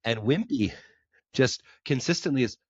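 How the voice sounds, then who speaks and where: A man's voice: medium pitch, lively intonation, normal speed, no room sound, highs cut off. A man co-hosting a casual chat about comics, enthusiastic and often restarting his sentences. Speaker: podcast co-host.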